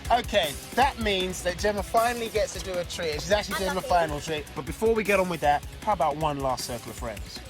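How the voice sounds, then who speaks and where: A woman's voice: lowish voice, expressive, fast talker, few pauses. A woman presenting a children's game show, upbeat and teasing as she explains the rules to the kids. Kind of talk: lively TV presenting. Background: music.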